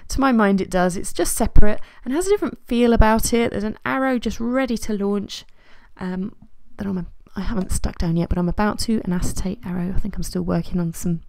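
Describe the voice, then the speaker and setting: A woman's voice: medium pitch, a little fast, vocal fry, hardly any pauses, no echo. Chatty woman narrating her craft. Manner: chatty and self-deprecating, with soft laughs and trailing fillers. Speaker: scrapbooking vlogger. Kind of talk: casual voice-over narration of a craft process.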